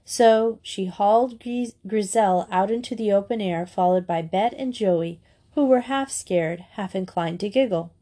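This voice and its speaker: Frau mit weicher, warmer Erzählstimme. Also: female voice, medium pitch, a little slow. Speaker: audiobook reader. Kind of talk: storybook narration.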